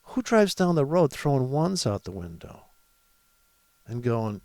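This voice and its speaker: Male trader, gravelly voice, rambling profane commentary, dry close sound. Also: mid-range voice, big pitch swings, measured pace, a little mellow, dry recording. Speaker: forex trader. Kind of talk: casual live trading commentary.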